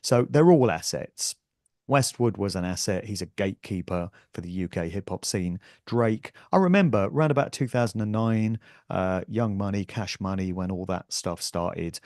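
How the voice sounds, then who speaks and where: A man's voice: sits low, normal speed, darkish tone, dry recording, studio quality. A male guest on a talk show, holding forth emphatically and scornfully in casual conversation. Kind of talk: casual chat.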